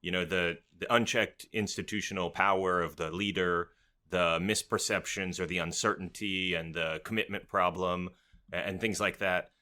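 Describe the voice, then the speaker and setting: A male podcast host with a deep but bright, forward voice. He recaps what his guest has said and then probes with curious follow-up questions, keeping the tone conversational. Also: fairly even intonation, moderate pace. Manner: inquisitive, summarizing.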